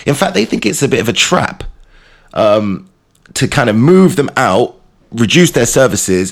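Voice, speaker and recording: A young English man hosting a show, telling stories and chatting in a theatrical, animated way. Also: fairly low pitch. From England. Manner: animated, theatrical storytelling with mimicked voices. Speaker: radio host. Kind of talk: casual chat with storytelling.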